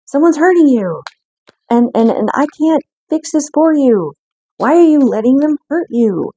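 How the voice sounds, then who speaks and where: A woman's voice: a little mellow, slightly rough, dry recording, exaggerated voice. A woman playing an exasperated loving parent. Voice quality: pleading, rising high-pitched tone. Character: exasperated loving parent scolding a stubborn child.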